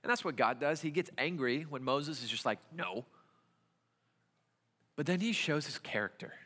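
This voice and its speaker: A man's voice: fairly high pitch, lively intonation, normal speed, bright, forceful tone. A young adult man, a youth pastor, preaching a conversational sermon full of rhetorical questions in a church. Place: church sanctuary. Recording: church hall reverb.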